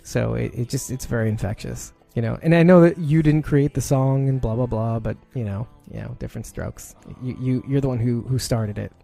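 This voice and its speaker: A rambling podcast host chats casually into a desk mic at home, his voice mellow and gravelly. Soft music plays faintly underneath. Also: medium pitch, fairly quick, hardly any pauses. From Brooklyn, New York. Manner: rambling, chatty, frequent laughs and fillers. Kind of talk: casual live-stream chat.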